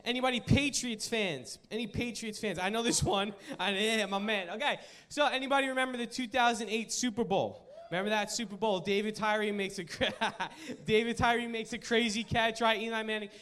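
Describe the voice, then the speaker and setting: A young man preaching to a live audience, opening with a funny personal story before turning to his sermon in an animated, joking way. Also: sits high, a little fast. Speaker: youth pastor.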